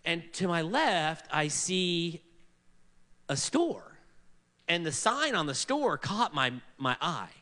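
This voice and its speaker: A man's voice: a little high, slow pace. A man preaching a story-driven sermon, acting out the people he quotes with shifting voices. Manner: animated, acts out quoted people in varied voices.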